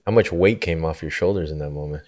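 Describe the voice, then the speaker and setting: A man hosting a conversation, asking relaxed questions and laughing along with his guest. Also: extremely low pitch, fast talker. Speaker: podcast host. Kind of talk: interview questions.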